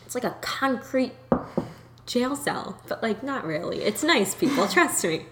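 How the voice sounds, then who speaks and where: A woman's voice: fairly high pitch, very animated, measured pace, noisy background. A young woman from Miami co-hosting a casual chat, telling stories with jokes and laughter. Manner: joking, laughing storyteller. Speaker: podcast co-host.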